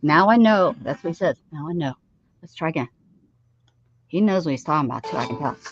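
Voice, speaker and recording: A woman's voice: sits low, lively intonation, brisk, slightly rough, dull audio. A woman in her fifties hosting a craft livestream, chatty and self-teasing, laughing often. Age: 50s. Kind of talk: casual livestream chat. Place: home craft room.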